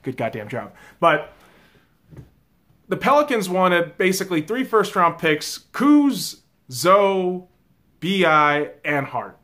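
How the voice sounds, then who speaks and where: Man, sports vlogger, exasperated profane rant, slightly high voice, bright and forceful. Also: very animated, slow. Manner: exasperated, swears a lot, calls audience boys and girls.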